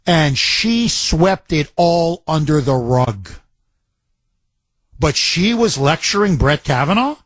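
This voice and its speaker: A man's voice: fairly high pitch, expressive, slow pace, a bit bright, no echo. A man hosting a talk radio show, delivering a combative, mocking monologue.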